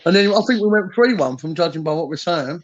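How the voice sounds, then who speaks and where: A man's voice: fairly high pitch, expressive, quick pace, lo-fi sound. A man from the UK in casual, blunt banter, swearing freely as a podcast host. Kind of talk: casual chat.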